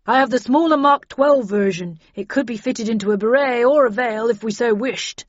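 A woman's voice: a little high, moderate pace, no room sound, natural voice. A woman reading an audiobook, voicing a stiff, rule-bound male agent who speaks emphatically. The recording is dry and slightly dull. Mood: matter-of-fact. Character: stern by-the-book male agent.

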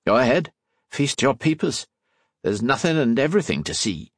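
A man voicing a rough, blunt sailor in a storybook reading, with folksy, gruff speech. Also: mid-range voice, big pitch swings, normal speed, no echo, clean studio sound, voice pushed up. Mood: wry.

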